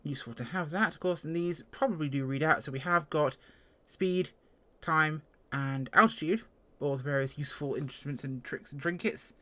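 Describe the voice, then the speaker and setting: A speaker with an English accent doing a casual first-look review of a flight sim plane, chatty and self-deprecating, with sudden jumps in pitch. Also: moderate pace, bright, forceful tone. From England.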